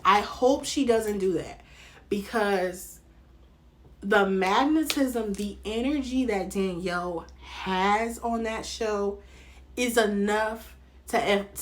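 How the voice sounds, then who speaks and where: A young woman with a Southern American drawl, riffing on a reality show in a loose, slangy vlog. She talks straight to the viewer as if she were a friend. Her voice sits at a middle pitch. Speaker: reality TV commentator. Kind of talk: casual commentary vlog.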